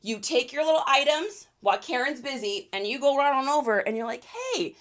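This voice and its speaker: A woman hosting a casual livestream for resellers, reading viewer questions and chatting quickly with frequent laughs. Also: high voice, a bit bright.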